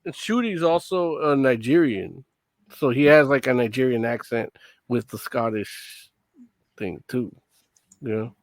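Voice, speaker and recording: A man's voice: mid-range voice, animated, a little slow, no echo. A man on a casual panel show who explains things matter-of-factly, tagging his lines with "you know".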